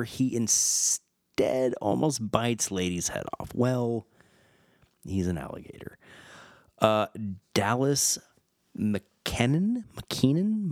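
Reading fun facts aloud on his casual film retrospective podcast, this host trips over names and chuckles as he goes. His voice sits on the low side, and the studio-quality sound has no echo.

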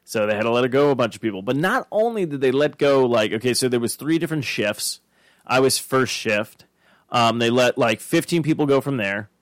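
A man's voice: mid-range voice, expressive, a little fast, dry recording. Podcast co-host: man in his thirties from Arizona, swears a lot, rambles, dry close mic. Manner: rambling, profane storytelling. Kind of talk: casual chat.

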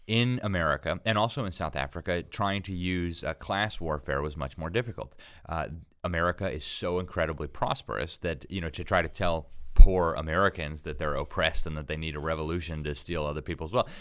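Deep-voiced man explaining history emphatically. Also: a little fast, few pauses, fairly bright tone, clean tone. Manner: emphatic, explanatory, with frequent fillers and restarts. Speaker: interview guest, magazine editor. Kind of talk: conversational interview.

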